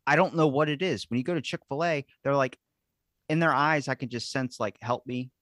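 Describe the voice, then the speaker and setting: A man hosting a podcast, telling stories in an animated way and swearing freely in casual chat. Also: fairly high pitch, a little fast, no echo, clean studio sound. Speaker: podcast host.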